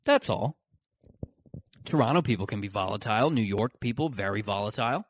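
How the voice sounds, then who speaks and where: A man's voice: lowish voice, expressive, fairly quick. A man hosting a podcast in a casual solo monologue, rambling and sarcastic, with frequent restarts. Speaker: podcast host.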